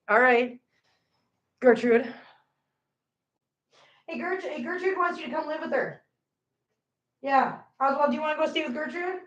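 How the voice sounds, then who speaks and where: A middle-aged woman hosting a casual live stream, chatty and animated, greeting viewers by name as she chats. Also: high voice, muffled recording. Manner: chatty and animated, reads viewer comments aloud. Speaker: livestream host. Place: home, indoors. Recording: echoey room.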